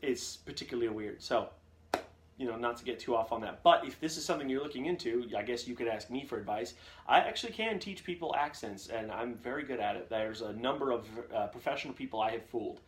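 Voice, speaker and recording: A man's voice: mid-range voice, expressive, fast. A young man, a voice actor, chatting casually in a live question-and-answer stream, rambling from one anecdote to the next with lots of fillers. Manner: rambling storyteller, jumps between anecdotes with many fillers.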